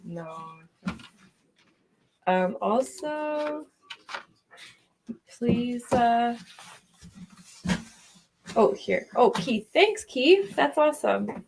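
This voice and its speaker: A woman co-hosting a live art auction, reading out incoming bids in a slow, hesitant way. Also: a little high, sing-song, vocal fry, darkish tone, husky, poor audio. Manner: slow and hesitant, with fillers and light laughs.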